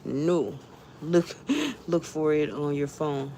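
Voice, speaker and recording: A woman's voice: deep voice, steady tone, slow, mellow, slight background noise. A woman vlogger talking casually to her viewers, chatty and jumpy, laughing often as she frets.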